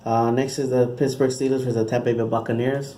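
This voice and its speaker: A man's voice: mid-range voice, level tone, fairly quick, mellow, slight background noise. A man hosting his own channel, talking through his football predictions in a casual, rambling way with frequent restarts. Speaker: channel host giving football picks.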